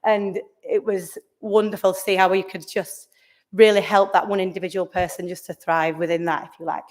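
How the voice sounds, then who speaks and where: A woman's voice: mid-range voice, level tone, moderate pace. A woman speaking at a conference in a meeting room, enthusiastic, often restarting and searching for words. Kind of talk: conference presentation.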